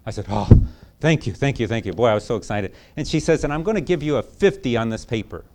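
A man's voice: medium pitch, animated, fast, very noisy. Folksy man preaching with a personal story. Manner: storytelling, repetitive and folksy, building to emphatic preaching.

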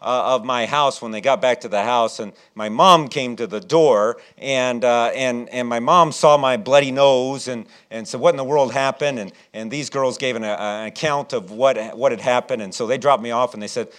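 A middle-aged man preaching a sermon and telling a childhood story, animated and acting out what people said. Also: medium pitch, normal speed, hardly any pauses. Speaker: pastor.

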